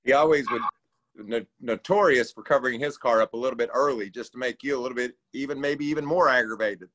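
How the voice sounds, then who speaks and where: A man's voice: mid-range voice, quick pace, a bit bright, rough recording. A man hosting a podcast interview, asking questions in a friendly, chatty way. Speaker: podcast host. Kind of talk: casual interview chat.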